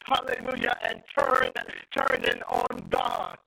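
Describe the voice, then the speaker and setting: A man's voice: very deep voice, huge pitch swings, slow, creaky, sharp tone, faint music behind, poor audio. A man preaching a prophetic sermon with rhythmic repeated phrases, breaking his lines with "uh" and "hallelujah".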